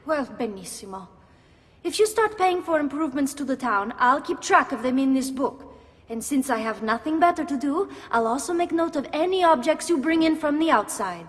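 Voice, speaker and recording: Sharp, high-voiced noblewoman, dry sarcasm, reverberant game audio. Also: animated, moderate pace. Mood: sarcastic. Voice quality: sarcastic, clipped. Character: sharp-tongued young noblewoman stuck with bookkeeping. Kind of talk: video game dialogue.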